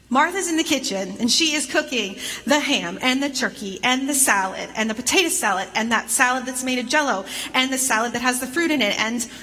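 A woman pastor delivering a sermon in a conversational, gently humorous storytelling manner. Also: high-pitched, husky, in a large hall, poor audio.

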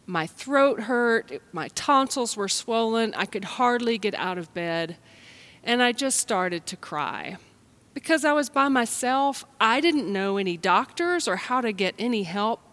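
Speaking at a slow, gentle pace, a U.S. pastor offers a children's message and sermon during an online service. She has a fairly high, expressive voice.

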